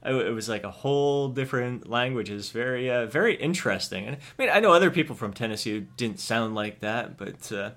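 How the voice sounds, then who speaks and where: A man's voice: medium pitch, animated, fairly quick, few pauses, fairly bright tone. Host: man from Canada, mid-range voice, easygoing and talkative, casual interview. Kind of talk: casual podcast chat.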